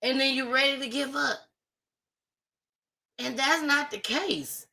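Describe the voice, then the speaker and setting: She has a high, gravelly voice that still comes across bright and forceful, and she takes things slowly. As a livestream host, she chats casually and heartfeltly with the people watching, though the recording is rough.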